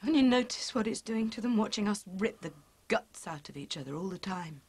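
Worn-out wife, exasperated, lively intonation, TV drama. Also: female voice, mid-range voice, brisk, breathy edge. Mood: weary. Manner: weary and exasperated. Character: weary wife leaving her husband.

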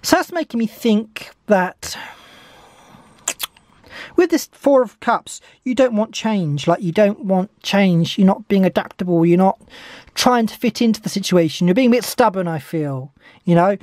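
A woman's voice: mid-range voice, expressive, measured pace, darkish tone, no echo. A woman giving a tarot reading, talking eagerly and repeating her encouragements over and over. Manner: enthusiastic, repetitive encouragement. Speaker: tarot reader.

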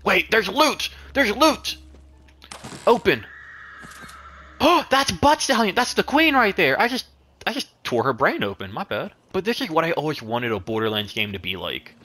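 A young man giving casual let's-play commentary, excitable, swearing and laughing often. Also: sits high, moderate pace. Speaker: gaming YouTuber.

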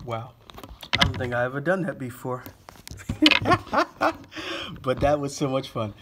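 A man's voice: mid-range voice, steady tone, a little fast, very noisy. A man vlogging to camera, out of breath and lightheaded, gushing and sighing between phrases. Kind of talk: casual talk to camera.

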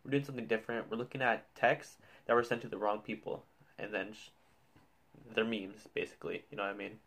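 A man's voice: lowish voice, level tone, brisk, a bit bright. Man, casual reaction commentary, reads texts aloud, joking, swearing. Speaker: youtuber.

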